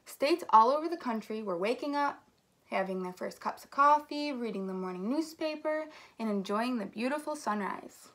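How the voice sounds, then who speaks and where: A woman from an elementary school staff reading a picture book aloud to children, with a lively storytelling manner. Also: a little high, moderate pace.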